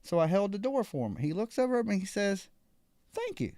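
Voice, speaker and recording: A man's voice: high-pitched, big pitch swings, fast, darkish tone, no echo, clean studio sound. A man hosting a live call-in show, telling a story casually and acting out other people's lines.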